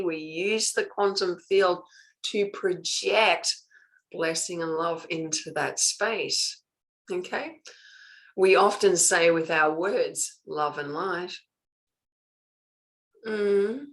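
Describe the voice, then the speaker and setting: An older woman teaching a spiritual master class, emphatic and punctuating her points with "okay", drawing out key words slowly. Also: on the low side, fairly bright tone, rough recording.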